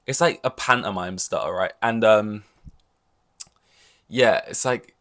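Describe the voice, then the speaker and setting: A man's voice: fairly low pitch, measured pace, a bit bright. A man hosting a podcast in loose, rambling casual chat, full of "like" and the odd swear word. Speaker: podcast host.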